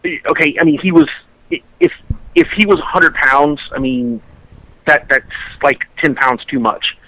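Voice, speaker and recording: Man for a podcast co-host; tense, bright tone, a bit high, rambles and restarts. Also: moderate pace, rough recording. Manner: rambling, restarts sentences often. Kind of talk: casual storytelling chat.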